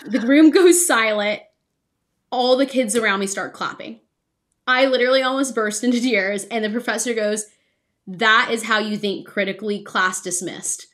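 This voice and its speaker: A young adult woman co-hosting a podcast, telling a personal story in an earnest, animated way with frequent ums and likes. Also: fairly high pitch, normal speed. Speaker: podcast co-host.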